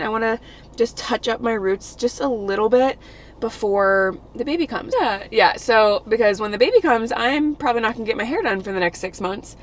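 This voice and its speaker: A fairly high-pitched young woman talks on her vlog, out of breath, upbeat and casual, saying "like" and "you know" a lot. A little hiss or hum runs under the audio.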